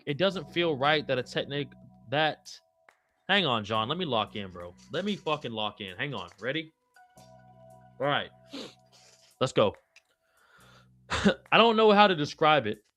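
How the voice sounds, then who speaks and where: Male host for a casual live fight-talk stream, slangy and cursing, bright edge, a bit higher pitch. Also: dry recording. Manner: slangy, profane, hyped. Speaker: podcast host.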